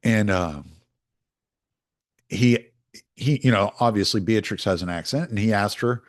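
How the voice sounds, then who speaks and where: A man's voice: lowish voice, unhurried. A man from the United States talking through a casual, rambling monologue as a podcast host, opinionated and full of restarts.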